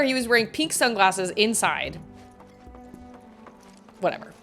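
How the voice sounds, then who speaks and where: A woman's voice: mid-range voice, normal speed, soft background music. A woman in her thirties, a streamer chatting casually and telling stories, acting out quotes with many "like"s. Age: 30s. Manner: animated, acts out quotes, lots of "like". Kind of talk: casual storytelling while gaming.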